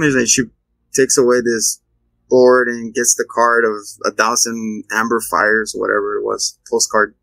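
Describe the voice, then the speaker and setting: A man hosting a casual movie review chat, retelling scenes in an animated way and acting out the characters. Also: medium pitch, moderate pace, vocal fry, no echo. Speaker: movie review show host.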